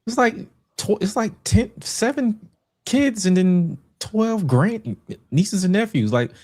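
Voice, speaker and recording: A man's voice: high voice, expressive, slow pace, a little mellow. A man co-hosting a podcast, joking and laughing as he tells stories in casual banter. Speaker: podcast co-host.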